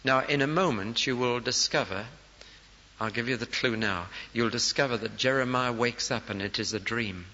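A man's voice: mid-range voice, moderate pace, highs cut off. Emphatic male preacher in a reverberant hall. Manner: dramatic storytelling, rising to loud emphatic peaks. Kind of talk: sermon.

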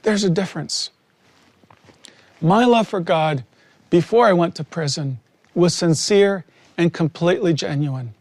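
A man with a high voice preaches a personal testimony in an earnest, emphatic way, pausing often for weight. The sound is close and dry, with no room around it. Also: darkish tone, no room sound. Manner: earnest, slow and emphatic with long pauses. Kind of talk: sermon testimony.

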